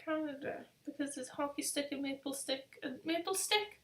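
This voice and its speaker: A woman's voice: sits high, normal speed, fairly bright tone. A young woman hosting a casual live travel quiz, chatty and rambling, with self-deprecating asides. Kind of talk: casual live-stream chat.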